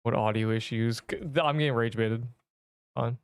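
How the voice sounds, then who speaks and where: A man with a smooth, resonant voice at an everyday pitch, streaming a game and bantering with chat. He rambles and sounds exasperated, heavy on slang. The sound is dry and close. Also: moderate pace, no room sound. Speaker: gaming streamer. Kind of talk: casual livestream chatter while playing.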